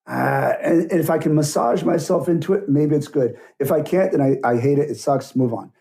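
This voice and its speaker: In a casual interview, a middle-aged man who works as a stunt coordinator recounts work stories bluntly, playing both parts of conversations. He speaks a little fast with hardly any pauses, in a high-leaning, creaky, mellow voice.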